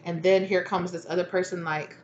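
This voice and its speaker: A woman's voice: on the low side, flat delivery, brisk, dull audio. A woman giving a casual spoken tarot reading, chatty and laughing, swearing freely as she talks to her viewers. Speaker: tarot reader. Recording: roomy echo, faint noise.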